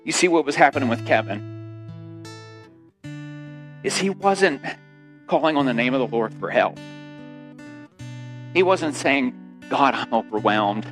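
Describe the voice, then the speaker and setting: A man's voice: medium pitch, animated, unhurried, long pauses. Guy pastor preaching, storytelling style, faint guitar playing underneath. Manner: storytelling, rising to loud emotional quotes. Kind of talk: sermon.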